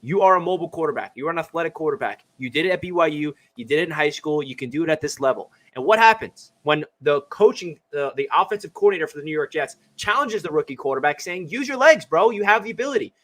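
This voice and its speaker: A man hosting a casual sports chat, excitable and quick-talking. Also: on the high side. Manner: excitable, talks fast. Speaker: podcast host.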